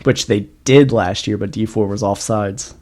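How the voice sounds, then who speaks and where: A man's voice: on the low side, fairly even intonation, moderate pace, darkish tone. Rambling, profane male podcast co-host. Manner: rambling profane storytelling, laughs often. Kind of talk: casual chat.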